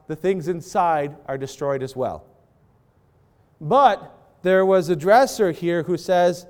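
A man's voice: on the high side, slow pace, a little mellow. A man preaching a sermon to parents and students, with an impassioned delivery that swells and drops as he acts out prayers. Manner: impassioned preaching, voice rising and falling for acted prayers. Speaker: pastor.

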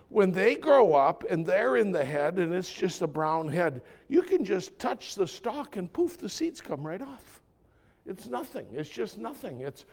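High-voiced preacher, loud then hushed. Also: male voice, gravelly. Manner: swings from loud emphatic to hushed and soft; storytelling, conversational preaching. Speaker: pastor. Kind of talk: sermon.

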